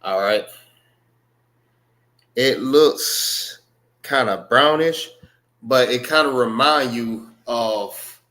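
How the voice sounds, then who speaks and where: A man teaching a class, unhurried and repeating words to drill pronunciation. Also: mid-range voice, bright, forceful tone. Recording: echoey room.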